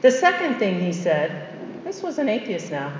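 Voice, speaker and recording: A woman's voice: medium pitch, big pitch swings, normal speed, reverberant, long reverb tail. Woman religious sister talking to a crowd, repeats stuff for emphasis, muffled dull sound, faint hiss behind. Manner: emphatic, repeats key phrases, conversational asides. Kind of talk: storytelling faith talk to an audience.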